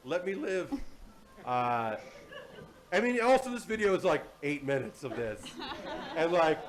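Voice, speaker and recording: A man with a somewhat high voice hosts a live convention panel. He talks in a chatty, playful way and pokes fun at himself. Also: very animated, unhurried. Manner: chatty, playful, self-deprecating. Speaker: panel host. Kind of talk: casual live panel hosting. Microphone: handheld or table mic.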